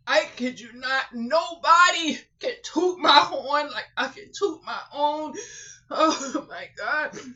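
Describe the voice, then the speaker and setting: A woman who runs a small online shop is speaking in an emotional vlog at home while crying. She repeats exclamations and swings between sobbing outbursts and hushed murmurs. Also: very high voice, slow. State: tearful, crying. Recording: dull lo-fi recording.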